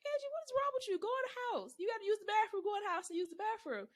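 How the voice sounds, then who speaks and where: A woman putting on the voice of her exasperated grandmother, scolding loudly in a much higher pitch. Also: expressive, racing. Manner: loud, high, fed-up scolding.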